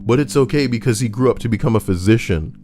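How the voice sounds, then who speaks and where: A young man doing casual, profane commentary that rambles and swings between loud rants and low mutters. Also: fast, faint music behind. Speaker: YouTube commentator.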